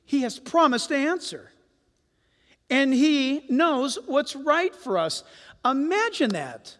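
A man preaching a sermon as pastor in a church, animated and firing rhetorical questions at his congregation. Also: very high voice, takes it slowly. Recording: long hall reverb.

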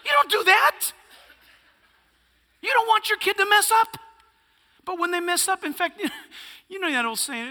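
A man's voice: extremely high pitch, unhurried, pauses often, pushed and bright, big-room sound. A male pastor preaching a sermon, emphatic and punchy, firing off rhetorical questions.

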